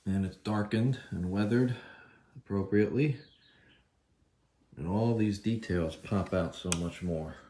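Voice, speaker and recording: A model train hobbyist with a low, warm voice shows off his work in his home kitchen, filming on his phone as he talks. He's relaxed and a little slow, with long pauses, many fillers and slight background noise.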